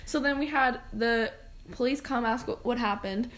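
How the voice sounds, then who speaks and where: A young woman rambles through a casual story on a podcast, her voice sitting a little high. She pads her talk with fillers and breaks into laughter often. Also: moderate pace, a bit bright. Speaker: podcast co-host.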